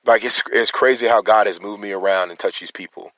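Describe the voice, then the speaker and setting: A man's voice: fairly low pitch, fairly even intonation, brisk, fairly bright tone, dry recording. A man speaking as a concerned citizen in an emotional personal monologue, rambling and restarting his words as he challenges his listeners.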